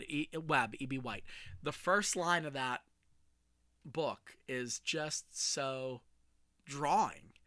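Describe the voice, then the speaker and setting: Man in his forties, podcast host, forceful bright tone, a bit high, dry close sound. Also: no room sound. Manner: energetic, animated, self-deprecating jokes. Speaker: communication coach and podcast host. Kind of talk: solo podcast talk.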